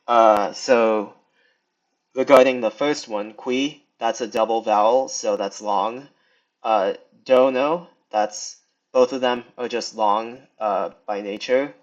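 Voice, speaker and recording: A young man giving a casual screen lesson, talking through it with many pauses, ums and restarts. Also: medium pitch. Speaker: video tutor. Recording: slightly dull lo-fi sound.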